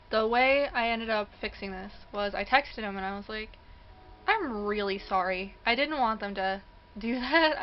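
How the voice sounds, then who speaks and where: Young woman, vlogger, casual storytelling, higher voice, acted-out quotes, frequent laughter, dull lo-fi sound. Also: a little hiss or hum. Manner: animated, acts out quoted voices, laughs often. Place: indoors near a passing train.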